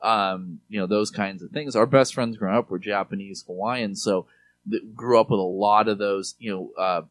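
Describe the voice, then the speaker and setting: Man in his forties, lowish voice, rambling casual podcast chat, lots of restarts. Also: moderate pace. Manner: rambling, with many restarts and fillers. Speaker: podcast co-host. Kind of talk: casual chat about movies.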